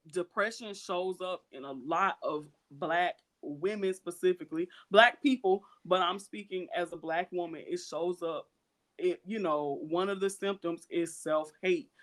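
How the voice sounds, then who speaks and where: A woman's voice: fairly low pitch, measured pace. A woman co-hosting a podcast, talking candidly in an earnest, emphatic way and repeating her points for stress. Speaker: podcast co-host. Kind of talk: candid casual podcast chat.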